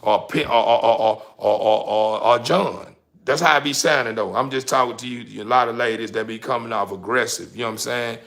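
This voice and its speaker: Gravelly preachy man, heated and profane. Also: mid-range voice, fairly quick, a bit bright. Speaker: vlogger. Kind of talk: casual monologue.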